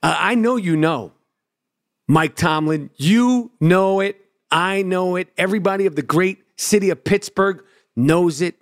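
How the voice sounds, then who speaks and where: A man's voice: high voice, measured pace. A man giving a brash, profane football opinion rant with swaggering trash talk. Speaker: sports commentator.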